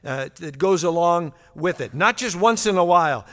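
Man, bible teacher, conversational, fillers and restarts, slightly raised pitch, long hall reverb. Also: moderate pace, few pauses, a bit bright. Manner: conversational with fillers and repeated words.

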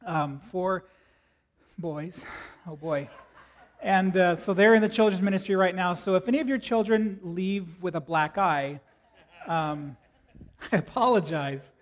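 A man's voice: high voice, unhurried, pauses often. A man in his thirties, a pastor giving a sermon in a church service in a casual, joking way. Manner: conversational, joking, self-deprecating.

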